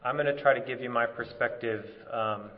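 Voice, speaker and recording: A man from California giving an academic conference talk in a relaxed, informal way, with lots of fillers and restarts. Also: mid-range voice, a little fast. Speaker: conference speaker. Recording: dull audio with long hall reverb.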